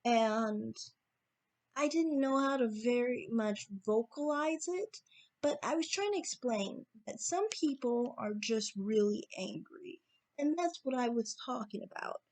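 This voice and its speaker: A woman with a slightly raised pitch delivers a monologue to her audience. She is assertive and hammers points home by repeating them, pausing with fillers between phrases. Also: darkish tone. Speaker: YouTube commentator. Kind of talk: opinion monologue to camera.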